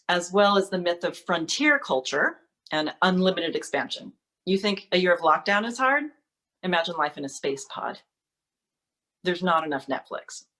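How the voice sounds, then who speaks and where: A woman's voice: lowish voice, fairly bright tone. A woman performing a wry, playful monologue excerpt with bits of mock outrage. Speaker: solo performer.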